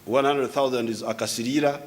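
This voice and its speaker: A man's voice: medium pitch, steady tone, fairly quick, slight background noise. A man in his seventies from Uganda, speaking English, gives an unscripted public address in a lecturing way, often restarting and repeating words. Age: 70s. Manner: lecturing, explaining word by word. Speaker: head of state giving a speech.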